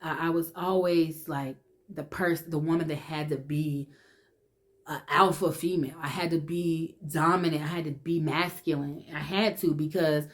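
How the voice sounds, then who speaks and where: Low-voiced woman telling her testimony. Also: fairly even intonation, moderate pace. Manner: emotional, conversational, many restarts; drops to a hush when reliving fear. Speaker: vlogger sharing her testimony. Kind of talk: personal testimony storytelling.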